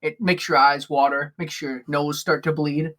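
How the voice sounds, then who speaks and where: A woman narrating a tabletop game as game master, halting with many fillers. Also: low-pitched, steady tone, fairly bright tone.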